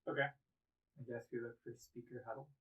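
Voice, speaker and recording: Male tabletop player, deadpan, offhand, husky voice. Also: mid-range voice, a little fast, rough recording. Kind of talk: casual tabletop role-play.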